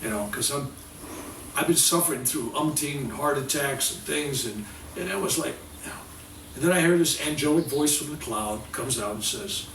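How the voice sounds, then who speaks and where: An older man speaks at a self-healing workshop with a slightly raised voice, acting out the voices in his own story with lively swings. He is picked up from a distance in an echoing room, with faint ambience behind him. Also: on the high side, moderate pace, a little hiss or hum. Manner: animated storytelling, acting out dialogue. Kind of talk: spiritual workshop lecture. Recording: roomy sound from a distant mic.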